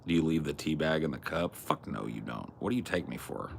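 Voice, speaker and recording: A man with a very low, gravelly voice chatting on a podcast. His pitch swings widely as he jokes, swears and mocks himself. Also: animated, fairly quick, slight background noise. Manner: joking, profane, self-mocking. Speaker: podcast host. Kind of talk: casual chat.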